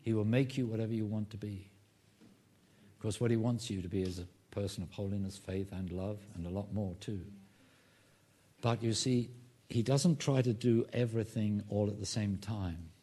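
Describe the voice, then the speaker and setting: A man preaching a sermon as pastor, emphatic, rising loud on key phrases and dropping low to make a point. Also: moderate pace.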